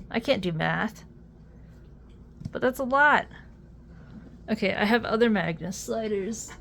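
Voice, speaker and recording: A young adult woman chatting casually while unboxing a fidget toy, easily amused and quick to exclaim. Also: medium pitch, expressive, creaky, a bit bright, slight background noise.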